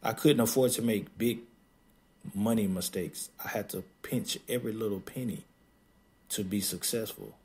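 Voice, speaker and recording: A man's voice: fairly low pitch, darkish tone. Blunt, emphatic man on a podcast. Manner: blunt, emphatic, laughs often; acts out others in quick mocking asides. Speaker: podcast host. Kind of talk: casual podcast monologue.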